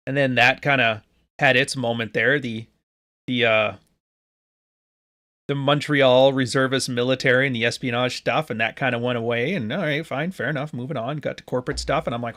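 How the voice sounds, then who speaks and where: A man's voice: mid-range voice, fairly even intonation, moderate pace, pushed and bright. A man in his late thirties from Canada, hosting a podcast in loose, joking chat with his live audience, swearing freely. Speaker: podcast host. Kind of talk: casual live-stream talk to a chat.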